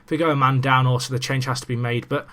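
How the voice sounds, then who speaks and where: A fast-talking young gaming commentator with a mid-range voice chats excitably into his desk microphone while playing, mixing in jokes at his own expense during the casual let's-play.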